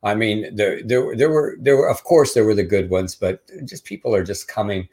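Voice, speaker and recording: A man's voice: fairly low pitch, fairly even intonation, moderate pace, darkish tone. An older man, co-hosting a casual news chat show and reading quotes in a mocking tone. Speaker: podcast co-host.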